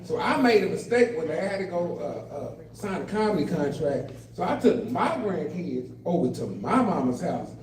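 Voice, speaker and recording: A man's voice: fairly high pitch, big pitch swings, moderate pace, hardly any pauses, darkish tone. An older man doing a stand-up comedy set, telling family stories and acting out the voices of kids and of himself, with a live audience in the room. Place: adult day center, indoors, live audience. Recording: roomy live room, mic at a distance, crowd laughter.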